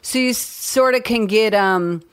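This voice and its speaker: A woman's voice: a little high, unhurried, smooth. A woman in her forties, an actor, talking candidly as a guest in a casual chat, swearing freely and restarting her sentences.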